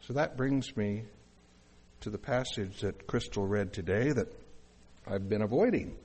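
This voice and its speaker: A man's voice: fairly low pitch, measured pace, darkish tone, breathy edge. A male pastor preaching a sermon in a conversational way, with asides and questions to the congregation.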